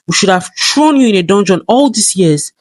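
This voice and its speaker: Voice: medium pitch, lively intonation, normal speed, no room sound, natural voice. A narrator reading a harsh, cruel captor woman. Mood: contemptuous. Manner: harsh, contemptuous.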